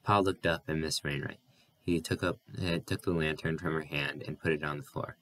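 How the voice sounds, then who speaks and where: A man reading a novel aloud as an audiobook narrator, steady and even, with an occasional slip and restart. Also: a bass voice, normal speed, rough recording.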